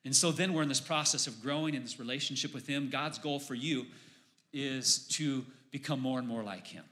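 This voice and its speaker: A pastor preaching a sermon in church, building to emphatic, raised exclamations on key points. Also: male voice, mid-range voice, normal speed, sharp tone.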